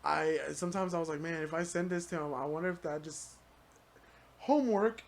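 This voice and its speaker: A young man as a podcast guest, chatting casually in a halting, rambling way full of "like" and "dude.". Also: a little high. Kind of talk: casual chat.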